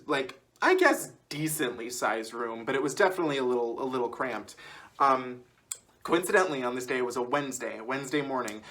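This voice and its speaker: Twenties male vlogger, chatty rambling storyteller, laughs often, mid pitch. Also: fairly bright tone. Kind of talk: casual storytelling.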